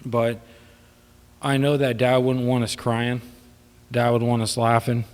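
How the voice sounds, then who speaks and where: A man delivers an unscripted eulogy in a church, his voice sitting at an ordinary middle pitch. He rambles with many fillers, slipping between tearful laughter and quiet sadness. A long reverb trails each phrase through the room. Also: level tone, unhurried. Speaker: son giving a eulogy. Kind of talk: informal memorial speech. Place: church hall.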